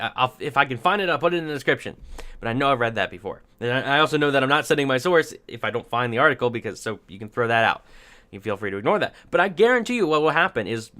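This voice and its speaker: A man's voice: a little high, bright, forceful tone. Rambling, wry man giving opinion commentary. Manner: rambling, thinks aloud with many restarts; wry, sarcastic asides. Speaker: commentary vlogger.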